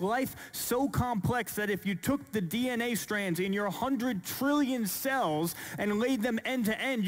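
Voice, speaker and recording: A man giving a Christian apologetics talk to an audience, earnest and deliberate, building up rhetorical questions and slowing down for emphasis. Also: high voice. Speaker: Christian speaker.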